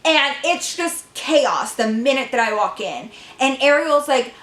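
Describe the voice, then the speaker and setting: A woman in her twenties telling a storytime vlog, profane and animated, talking straight to her viewers. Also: high-pitched, unhurried, hardly any pauses. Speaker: vlogger. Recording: echoey room.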